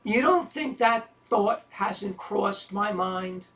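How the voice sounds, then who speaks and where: A man's voice: high-pitched, lively intonation, takes it slowly, fairly bright tone, full character voice. An actor in an audio drama playing a self-deprecating man who talks with dry, wry sarcasm. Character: self-deprecating sarcastic middle-aged man, troubled lover.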